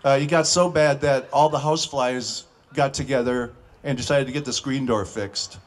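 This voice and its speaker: A man telling short stand-up jokes in a folksy way, with filler pauses and restarts. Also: mid-range voice, fairly even intonation, a little hiss or hum. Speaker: comedian.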